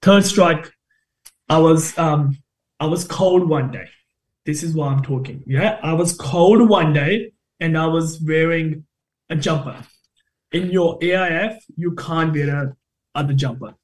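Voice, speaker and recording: Animated Indian man telling stories. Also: fairly high pitch, measured pace. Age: 30s. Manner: animated, swears freely, acts out both sides of quoted arguments. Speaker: podcast guest, personal trainer. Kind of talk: casual interview storytelling.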